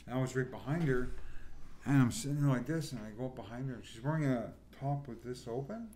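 A man's voice: medium pitch, fast, warm tone. A man telling crude, rambling stories in a casual podcast chat. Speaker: podcast co-host. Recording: echoey room with noise.

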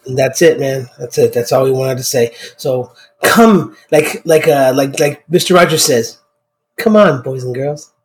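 A man's voice: medium pitch, measured pace, few pauses, slight background noise. A man co-hosting a podcast in a loose, joking way, often repeating himself. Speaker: podcast co-host. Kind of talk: casual podcast chat.

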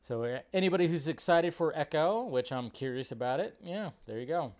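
A male host of a casual live stream, talking in a somewhat high voice. He rants loosely about whatever comes up, swears freely and slips into exaggerated mocking voices. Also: lively intonation, brisk, darkish tone. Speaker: show host.

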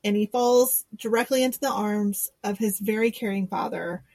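A woman's voice: medium pitch, moderate pace, darkish tone, dry recording. A woman co-hosting a podcast, chatting casually and sarcastically, laughing and quoting people in mock voices. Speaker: podcast co-host. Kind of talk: casual chat.

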